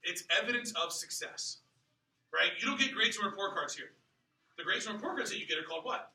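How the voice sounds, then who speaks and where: A young man leading a motivational training talk for new sales staff, energetic and asking the room rhetorical questions. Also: high voice, fairly quick. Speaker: sales office manager. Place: room with audience. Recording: echoey room, mic at a distance.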